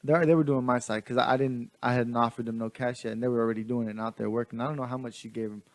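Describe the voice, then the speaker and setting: A man's voice: mid-range voice, steady tone, very fast, no room sound. A man casually telling a story to his camera, rambling with restarts and slang. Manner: rambling, many restarts, laughs often; slangy, laid-back. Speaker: vlogger.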